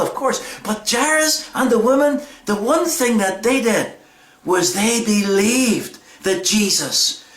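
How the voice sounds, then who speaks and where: Animated storyteller. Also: mid-range voice. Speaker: children's talk leader. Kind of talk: Bible storytelling for children. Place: church. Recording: echoey church hall.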